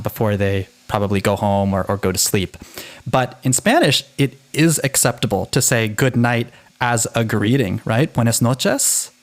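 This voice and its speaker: A man co-hosting a linguistics podcast, chatting animatedly with frequent restarts. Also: mid-range voice. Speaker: podcast co-host. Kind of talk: casual educational chat.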